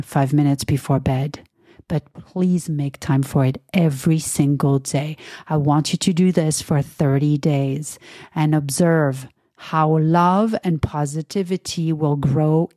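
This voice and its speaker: Slow, soothing woman giving spiritual advice. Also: low voice, warm tone, dry recording, clean studio sound. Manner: earnest, slow and soothing, guiding the listener. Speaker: podcast host. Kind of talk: spiritual self-help talk.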